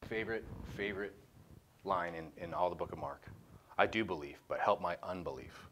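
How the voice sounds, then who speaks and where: A man's voice: low-pitched, moderate pace, fairly bright tone, a little hiss or hum. A man leading a small group Bible study, casual and jokey, cutting in with blunt comments. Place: room with a small group, streamed live.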